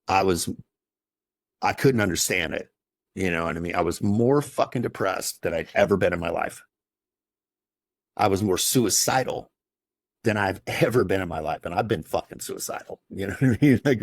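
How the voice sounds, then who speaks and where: A man as a podcast guest, telling his personal story in a raw, emotional way and swearing heavily. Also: deep voice.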